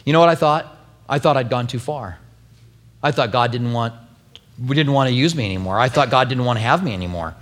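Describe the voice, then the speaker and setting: A male pastor preaching a sermon, telling a personal story with lively, acted-out quotes. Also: mid-range voice, a little fast, big-room sound. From New Mexico.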